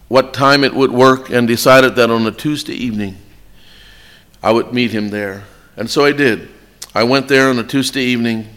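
A man's voice: mid-range voice, a bit bright, big-room sound. A man preaching a sermon to an evening congregation, earnest and pleading, often restarting and repeating his phrases. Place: church meeting hall before an evening congregation.

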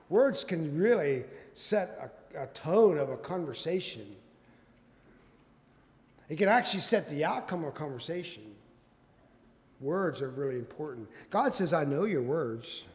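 A man preaching a sermon, quoting scripture in old-fashioned wording and building to loud, emphatic peaks. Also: on the high side, animated, unhurried. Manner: quotes scripture in King James wording. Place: church sanctuary. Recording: long hall reverb.

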